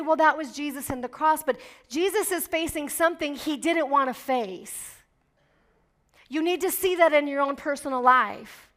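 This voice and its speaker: A woman's voice: high voice, fairly bright tone. A middle-aged woman pastor preaching a sermon, fervent and emphatic, building in intensity as she exhorts.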